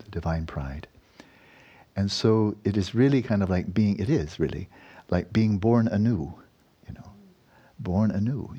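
A man giving a Buddhist dharma talk and guiding a meditation. He talks in an unhurried, rambling way, often adding tag questions and soft laughs. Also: sits low, breathy edge, muffled recording. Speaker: meditation teacher.

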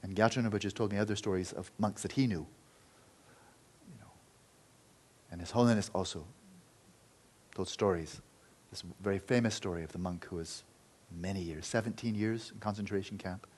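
Low, breathy male Buddhist teacher. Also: normal speed. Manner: earnest, loose storytelling with restarts and quiet stretches. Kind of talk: dharma talk storytelling.

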